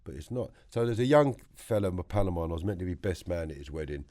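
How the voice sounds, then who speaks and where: Deep-voiced London man telling stories. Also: fast talker. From England. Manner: animated anecdotes, acts out quoted voices, swears freely. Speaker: interview guest. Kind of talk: storytelling interview. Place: podcast studio.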